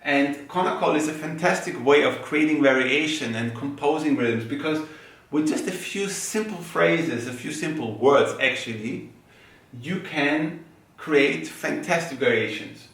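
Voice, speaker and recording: A man's voice: fairly high pitch, unhurried, gravelly, fairly bright tone. A man giving a rhythm lesson, patiently explaining step by step and chanting rhythm syllables in time. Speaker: rhythm teacher. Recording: very echoey room, mic far off.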